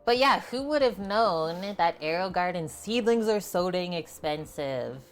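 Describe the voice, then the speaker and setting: A woman's voice: fairly low pitch, lively intonation, a little slow, faint music behind. A woman hosting a cooking livestream, chatting casually with viewers and laughing easily. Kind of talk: casual chat with stream viewers.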